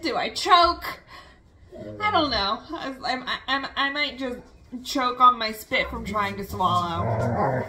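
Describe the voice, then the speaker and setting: A woman's voice: fairly high pitch, pushed and bright, a little hiss or hum. A young woman telling a story in a casual vlog, chatty, full of fillers and laughing often. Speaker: vlogger.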